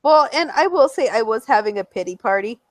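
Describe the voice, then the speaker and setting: High animated young woman chatting. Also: brisk, no echo. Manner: animated, mimics voices in squeals and coos. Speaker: podcast co-host. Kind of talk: casual chat.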